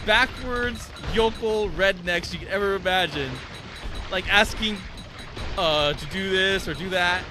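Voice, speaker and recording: A man's voice: high-pitched, unhurried, noisy background. A man casually telling a story while streaming a game, rambling with many fillers and laughs. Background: game music.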